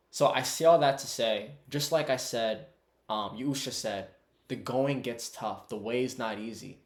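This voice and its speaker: A man's voice: mid-range voice, moderate pace, roomy sound. A man giving a casual, conversational Bible teaching online and calling his viewers "bro". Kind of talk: casual preaching to camera.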